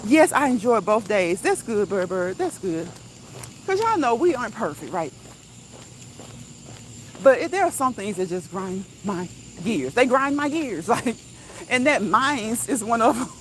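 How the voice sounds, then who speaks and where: A woman's voice: a little high, big pitch swings, a little slow, slight background noise, poor audio. A woman hosting a live walk-and-talk stream outdoors, chatting casually, laughing often and reading viewer comments aloud. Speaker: livestream host. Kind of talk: casual live chat while walking.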